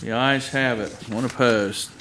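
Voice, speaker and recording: A man's voice: mid-range voice, fairly even intonation, measured pace. Joking man chairing a noisy meeting. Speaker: board chairman. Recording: public meeting recording with background noise.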